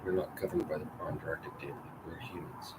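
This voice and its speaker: A man reading the lines of a calm, teasing young woman in a dry, matter-of-fact way. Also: extremely low pitch, fast talker, recorded from a distance. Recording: loud background noise.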